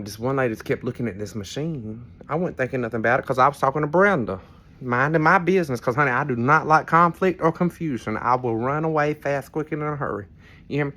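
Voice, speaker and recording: A man's voice: medium pitch, fast talker, a bit bright. A tipsy man, rambling through a casual storytelling vlog from a cruise ship cabin with frank asides and some cursing. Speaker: vlogger.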